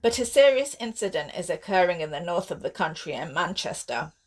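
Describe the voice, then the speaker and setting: A woman's voice: fairly low pitch, very animated, brisk. A woman voicing a serious male TV newsreader giving urgent warnings in a formal broadcast manner. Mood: grave. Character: grave male TV newsreader, scared.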